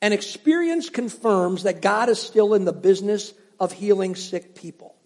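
A middle-aged pastor's high, slightly mellow voice, lively in intonation and at normal speed, rings through a church sanctuary with long hall reverb. He preaches conversationally, weaving in stories and asking his congregation questions.

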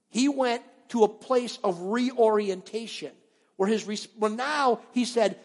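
A man preaching a sermon as a pastor, telling stories with animated swings between loud and hushed. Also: high-pitched, normal speed, in a large hall. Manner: animated storytelling, acting out biblical voices, dropping to near-whispers.

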